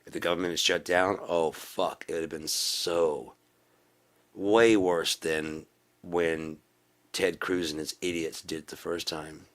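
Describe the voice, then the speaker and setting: A man giving a profane political rant in a video blog, repeating himself and rising into preachy shouting. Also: low-pitched, fairly even intonation, unhurried. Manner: swearing, repetitive, builds to preachy shouting. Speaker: video blogger.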